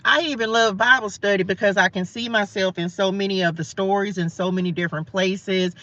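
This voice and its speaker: Livestreaming a casual morning Bible study from a parked car, a Southern woman talks a little fast in a steady, sharp mid-range voice. She's chatty, playful, and quick to laugh at herself. The recording is dry and muffled.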